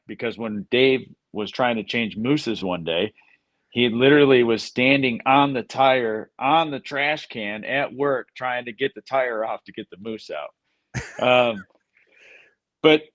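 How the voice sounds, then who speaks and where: A man's voice: mid-range voice, unhurried, fairly bright tone, no room sound. A man from the United States, a podcast guest, talking in a hesitant, self-deprecating way. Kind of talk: casual interview chat.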